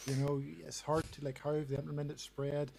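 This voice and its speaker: An earnest man talks through his views as a guest on a gaming podcast, his voice sitting a little high for a man. He leans on "you know" as he makes his points. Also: monotone, brisk, creaky, a little mellow, poor audio. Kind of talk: casual gaming chat.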